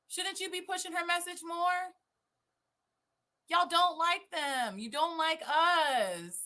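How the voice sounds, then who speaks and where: A woman's voice: high-pitched, pushed and bright. A woman hosting a casual reaction chat, blunt and sarcastic, swearing freely. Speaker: host reacting to clips.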